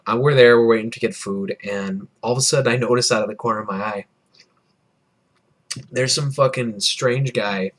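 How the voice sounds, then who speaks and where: Tipsy guy in his early 20s rambling on his vlog, swearing a lot and putting himself down, mid-pitched voice. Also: a bit bright. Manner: profane, rambling, self-deprecating storytelling. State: tipsy from beer. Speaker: vlogger.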